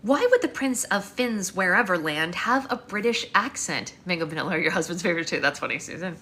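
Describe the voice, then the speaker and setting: A woman author reading her own novel aloud in a live stream at home, with wry, expressive first-person narration on a phone mic. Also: fairly low pitch, brisk.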